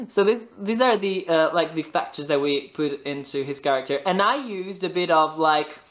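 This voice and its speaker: A man's voice: a little high, normal speed, fairly bright tone. A man with an Italian accent, a voice actor guest in a podcast interview, speaking non-native English and searching for words with many restarts. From Italy. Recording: roomy echo.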